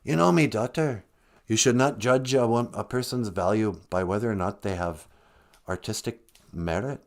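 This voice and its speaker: A man's voice: lowish voice, normal speed, close to an everyday voice. A man voicing an all-knowing male deity in an improvised comic skit, with a lilting put-on brogue and grandly solemn, folksy sermonizing. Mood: preachy. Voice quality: lilting put-on brogue, calls her "me daughter". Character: Great Spirit, an all-knowing male deity, gently preachy.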